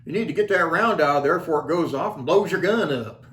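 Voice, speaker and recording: A man's voice: on the high side, expressive, fast talker, fairly bright tone, reverberant, pitched above the performer's own voice. A man voicing the urgent, bossy inner voice of his own brain, giving it an accent.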